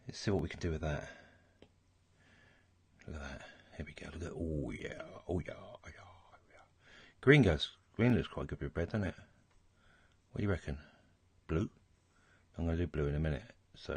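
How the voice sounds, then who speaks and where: A man's voice: very deep voice, a little slow, vocal fry, long pauses, husky, no echo. A man hosting a casual drawing tutorial, muttering and thinking aloud as he works. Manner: relaxed, mutters and thinks aloud while working. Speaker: art tutorial host.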